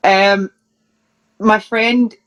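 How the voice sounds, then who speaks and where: A Scottish woman in the middle of an interview, telling funny road stories in a loose, chatty way. She laughs as she goes, trips over her words and restarts her sentences. Her voice sits at a medium pitch. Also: fairly even intonation, drawn-out words, fairly bright tone. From Scotland. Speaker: professional wrestler, interview guest. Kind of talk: casual anecdote telling.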